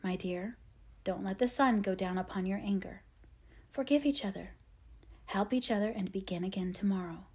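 A woman reading aloud, voicing a gentle, wise middle-aged mother speaking in a soft, tender whisper. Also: medium pitch, normal speed, breathy edge, lightly acted.

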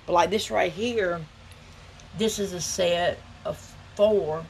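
In her thrift-shopping vlog, a middle-aged woman with a Southern US accent drawls casually to y'all in a chatty way. Her lowish voice is creaky and a little mellow, she talks slowly, and there's a faint hiss or hum.

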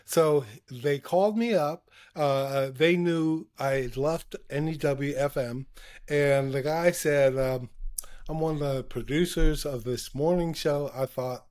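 Man guest, slightly high voice, unhurried anecdotes, voices his quotes, laughs a lot. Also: darkish tone. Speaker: interview guest, former TV broadcaster. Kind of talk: casual anecdotal storytelling.

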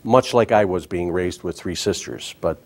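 A man's voice: low-pitched, moderate pace, heavy background noise. A man hosting a comedic talk show, delivering a wisecracking monologue.

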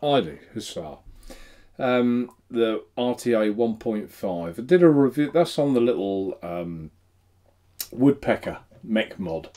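A man's voice: medium pitch, animated, takes it slowly, dark tone. A man hosting a casual live stream, chatty and self-mocking, laughing often. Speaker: host.

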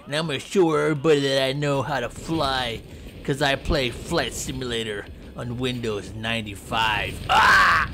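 A man commentating gameplay in a goofy, clowning way, yelping and jumping high in pitch when things go wrong. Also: fairly even intonation, moderate pace, noisy background. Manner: sing-song chanting and repeated silly words.

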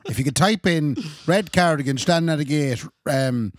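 A man's voice: on the high side, animated, moderate pace. An Irish man co-hosting a podcast, chatting casually with jokey asides. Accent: Irish, west of Ireland. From Ireland. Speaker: podcast co-host. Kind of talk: casual chat.

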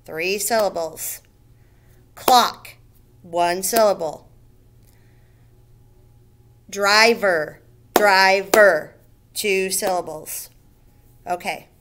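A woman teaching a first grade reading lesson to young children, speaking patiently and clearly and sounding out words syllable by syllable. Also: on the low side, takes it slowly, pauses often. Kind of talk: recorded remote reading lesson.

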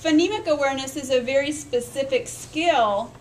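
A woman's voice: sits high, moderate pace, slight background noise, low-quality recording. Woman lecturing, modeling speech sounds. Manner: explains step by step, models speech sounds aloud, checks in with "right?". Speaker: literacy education instructor. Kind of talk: recorded lecture.

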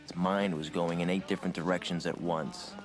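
An actor playing a world-weary gangster who narrates his past in a flat, confiding film voice-over. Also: sits low, a little fast, over music, close to an everyday voice.

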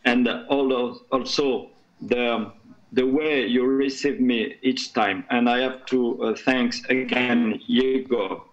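A man whose first language is French, speaking haltingly as a guest in a panel discussion. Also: medium pitch, steady tone, dull audio. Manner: halting, searching for English words.

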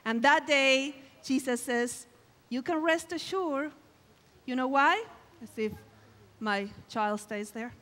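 A guest preacher, a woman, delivers an emphatic, exclamatory sermon in a high, bright voice, speaking slowly and deliberately and breaking into lively quoted lines. Her voice rings through a large camp-meeting hall with a long reverb tail.

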